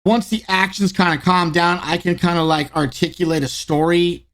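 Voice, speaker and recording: A male podcast host in casual chat, talking in an animated way and mimicking others when he quotes them. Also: high-pitched, moderate pace.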